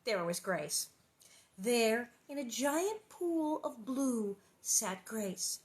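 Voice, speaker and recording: A woman's voice: fairly high pitch, expressive, very slow. A woman chatting casually and reading a children's novel aloud, rambling and playful with many asides.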